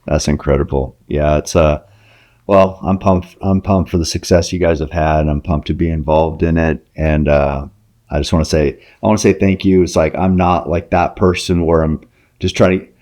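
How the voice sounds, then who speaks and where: A middle-aged man hosting a podcast, talking in a halting, rambling way full of fillers. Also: a bass voice, fairly even intonation, darkish tone. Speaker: podcast host. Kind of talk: casual podcast chat.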